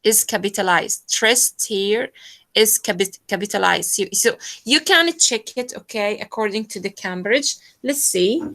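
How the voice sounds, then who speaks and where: A woman's voice: mid-range voice, a little slow, sharp tone, rough recording. A woman teacher leads an online pronunciation lesson, hesitant and full of fillers. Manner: hesitant, many fillers, switches into Arabic to explain.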